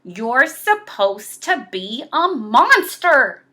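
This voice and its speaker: A woman voicing a gang of loud, bratty little monsters, squealing and shouting in a storybook reading. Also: sits high, very animated, very slow, exaggerated voice. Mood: protesting.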